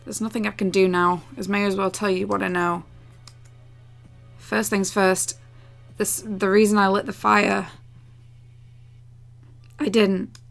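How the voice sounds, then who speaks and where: A woman voicing a guilt-ridden young man in a game, who speaks quietly and evasively with a resigned edge. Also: medium pitch, flat delivery, a little slow, creaky, long pauses, soft background music.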